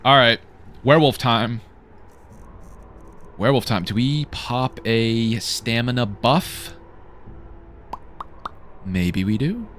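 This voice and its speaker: A Canadian man giving casual, excitable commentary while streaming a video game, reacting aloud and swearing freely. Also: mid-range voice, slow pace, pauses often, slight background noise.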